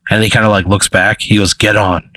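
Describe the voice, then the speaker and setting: A man's voice: on the low side, level tone, quick pace, pushed and bright, slight background noise, poor audio. A man acting as game master, narrating a hypothetical scene in a rambling, hesitant way full of fillers and restarts.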